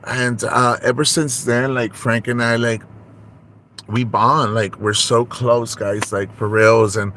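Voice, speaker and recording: A man speaks slowly and flatly in a medium, slightly bright voice, with a little hiss or hum on the recording. He's performing a gossipy comedy vlog monologue as a brassy, shameless young Tejana woman who code-switches as she confesses.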